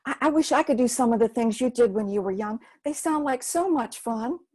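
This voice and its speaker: A woman's voice: on the high side, animated, a little fast, darkish tone, rough recording. A woman storyteller voicing an eager, curious young girl who asks pleading questions.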